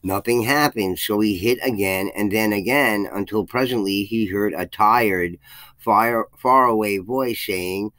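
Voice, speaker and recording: His fairly low, bright voice moves at an unhurried pace, recorded with no room sound in low quality. Hosting his channel, the man reads an old folk tale in archaic language, lifting his voice for the quotes and sometimes stumbling and starting over, before moving on to commentary.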